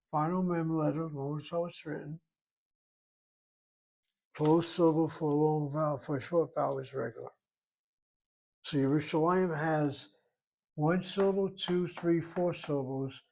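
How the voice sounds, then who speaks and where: A man with a slightly high, slightly mellow voice teaches Hebrew grammar in a recorded lesson. He works methodically, reasoning out loud one step at a time.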